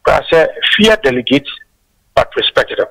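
A man's voice: a little high, sing-song, normal speed, vocal fry, bright, forceful tone, poor audio. A man with a Ghanaian accent calling in by phone to a political talk show, speaking emphatically and mixing in blessings. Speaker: caller. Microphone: phone line.

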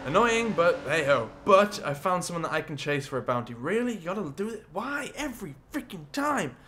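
A young man giving excitable, jokey gameplay commentary as a gaming YouTuber. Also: on the high side, fairly quick, slight background noise. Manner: excitable, jokey, swears and laughs often.

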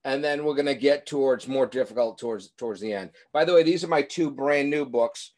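A man's voice: mid-range voice, a little fast, darkish tone. Friendly middle-aged man teaching drawing on webcam. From central Massachusetts. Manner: friendly, instructive, thinks aloud while drawing. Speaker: illustrator giving a drawing lesson. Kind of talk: live drawing lesson for kids. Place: small home art studio. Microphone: webcam on a video call.

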